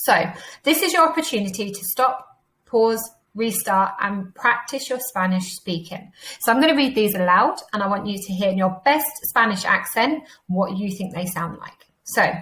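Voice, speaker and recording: An English woman teaching a beginner Spanish lesson, encouraging and slowing down to model each word twice for pupils to repeat. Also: medium pitch, animated, fairly bright tone. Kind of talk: recorded online language lesson.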